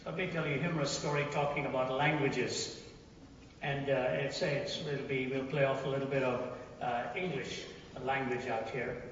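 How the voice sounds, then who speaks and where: A man giving a talk, setting up a humorous story with a halting, restarting delivery. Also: mid-range voice, steady tone, dull audio, a little hiss or hum. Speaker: speaker. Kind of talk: sermon storytelling. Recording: echoey hall, far from mic, ambience.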